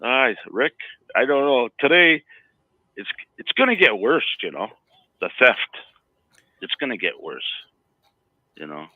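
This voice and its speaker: A man's voice: medium pitch, very animated, measured pace, pauses often, no room sound. A man telling rambling stories in a casual chat as co-host, often stammering and laughing. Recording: dry, phone-like line.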